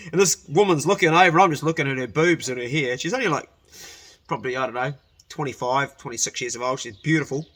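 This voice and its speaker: A man's voice: on the high side, pushed and bright. A man telling a rambling personal story in a casual way, often correcting himself and laughing as he goes.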